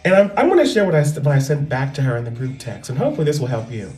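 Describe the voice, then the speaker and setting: A woman comedian talking loudly and animatedly in a casual, profane monologue into a microphone. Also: a bass voice, big pitch swings, racing. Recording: roomy echo with faint music.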